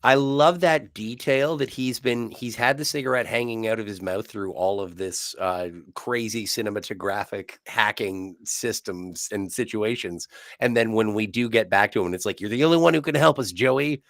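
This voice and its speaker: Male co-host, dry wit, slightly low voice, close and dry sound. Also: steady tone, fairly bright tone, no echo. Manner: wry, quick with jokes. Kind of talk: casual live watch-along chat.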